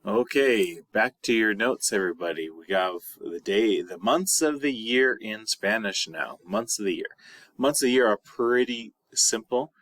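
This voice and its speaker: A man teaching a recorded video lesson as a high school Spanish teacher, patient and repeating words slowly. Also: lively intonation, fairly bright tone, no room sound.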